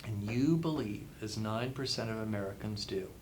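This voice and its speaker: Being interviewed as an author, this man gives emphatic motivational advice and repeats phrases to drive them home. His fairly low voice is a little mellow and moves at a moderate pace, with a little hiss or hum in the audio.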